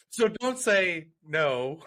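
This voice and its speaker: A man hosting a podcast in a relaxed, easygoing way. He asks his guest questions and keeps up a steady stream of short agreeing replies. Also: high-pitched. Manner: laid-back, many short agreeing interjections. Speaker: podcast host. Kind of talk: casual chat.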